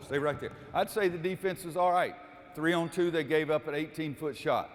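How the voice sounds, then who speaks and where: A basketball coach leads a clinic in a gym, shouting quick cues to players running drills. Between drills he turns and explains the defense plainly to the audience. His voice carries a long reverb off the hard walls, with faint room noise underneath. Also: fairly high pitch.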